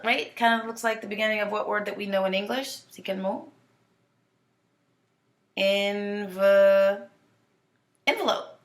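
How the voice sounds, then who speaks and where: A woman teaching a French lesson. She switches between French and English, repeats words slowly, and asks the class questions before answering them herself. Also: mid-range voice. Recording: echoey room.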